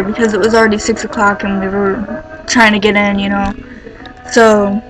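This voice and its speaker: A woman telling a story in a casual vlog, rambling and excitable, filling her pauses with "like" and swearing casually as she gets worked up. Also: medium pitch, low-quality recording. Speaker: vlogger.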